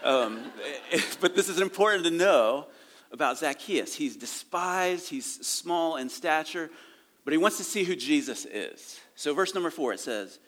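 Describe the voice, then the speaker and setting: A man's voice: a little high, unhurried. A man preaching a sermon in a church, reading scripture and breaking off into casual asides and chuckles. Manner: animated and conversational, reading scripture aloud with asides and laughs. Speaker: pastor. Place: church sanctuary.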